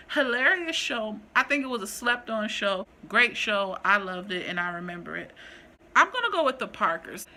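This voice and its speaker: A woman vlogger chatting casually and rambling through a ranked list, animated and full of slang. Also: on the high side. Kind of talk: casual chat, ranking list.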